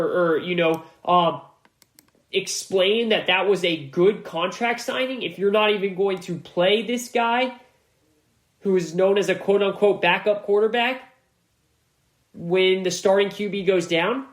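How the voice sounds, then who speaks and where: A man's voice: high voice, unhurried. A man hosts a sports podcast on his own, and his voice carries a noticeable room echo. He talks in a loose, slangy way and drives home his points by repeating them for emphasis. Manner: casual and conversational, with slang. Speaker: podcast host. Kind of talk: solo sports analysis podcast.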